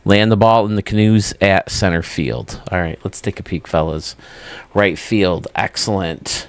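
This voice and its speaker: A man's voice: fairly low pitch, clean tone, dry recording. A man hosting his own channel, chatting casually and enthusiastically while touring video game stadiums, often laughing at himself. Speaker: YouTube host.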